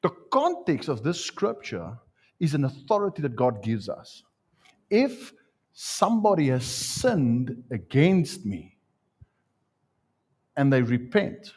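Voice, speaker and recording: A man's voice: medium pitch, takes it slowly, slightly rough. A man preaching a sermon to a congregation, telling stories and calling people up for a live demonstration. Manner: animated storytelling with live demonstration. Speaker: pastor. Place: church before a congregation.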